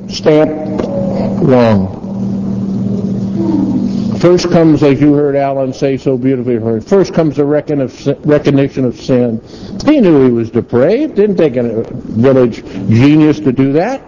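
A man preaching a sermon, emphatic and full of rhetorical questions, swinging between low and high passages. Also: unhurried. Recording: dull lo-fi sound with steady noise.

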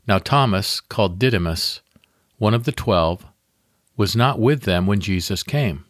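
A man with a fairly low voice leads listeners through a guided devotional meditation. He reads in a calm, measured, unhurried manner. The sound is dry and close, with no room around it. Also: dry recording. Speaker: devotional podcast host.

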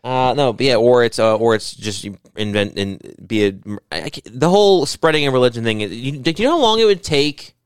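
A young man co-hosting a casual comedy podcast, rambling and swearing as he riffs with rising excitement. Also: mid-range voice, fairly quick, hardly any pauses, smooth, no echo. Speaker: podcast co-host.

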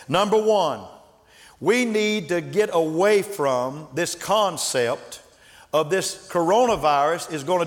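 A man preaching a sermon as pastor, moving between quiet storytelling and shouted calls to the congregation. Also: on the high side. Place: large church hall. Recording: echoey church hall with congregation.

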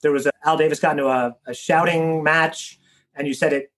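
A man's voice: fairly high pitch, steady tone, brisk, fairly bright tone. A man in his thirties interviewing a guest, asking long rambling questions with frequent restarts. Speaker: interviewer, teacher.

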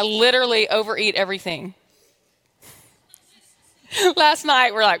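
A woman's voice: fairly high pitch, lively intonation, measured pace, a bit bright. A woman pastor giving a conversational, humorous sermon in church, exhorting her congregation.

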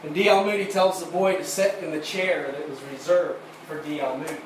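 A man preaches in a church, recorded from a distance so his voice rings through a very echoey room. A steady hiss of noise sits under him. His pitch is a bit higher than most men's, and he works up to fervent emphasis. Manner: halting, repeats words, builds to fervent emphasis. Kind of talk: sermon storytelling. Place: church sanctuary.

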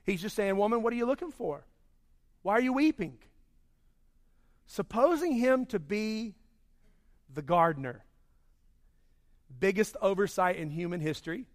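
A man preaching a sermon, swinging between loud emphasis and hushed, slow passages. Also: high voice, animated. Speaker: pastor.

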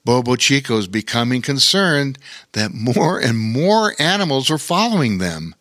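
A man reads a children's story aloud with an animated, expressive voice that moves through a wide range. His pace is slow and his tone bright, recorded close and dry. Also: mid-range voice, no echo. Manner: expressive, unhurried.

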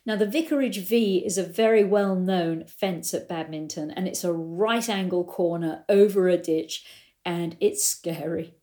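A middle-aged woman with a mellow, warm tone talks through her coaching ideas as a riding coach. She tells stories as she goes and acts out the back-and-forth of conversations she quotes. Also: lowish voice, measured pace. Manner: storytelling, acts out quoted exchanges. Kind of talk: explanatory talk with anecdotes.

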